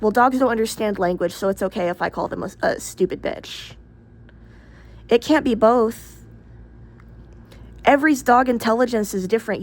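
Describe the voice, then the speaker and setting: With a mid-range, darkish voice, a woman vlogger rambles to camera in a casual opinion piece. She's blunt and candid, swears freely, and wanders through plenty of asides and fillers.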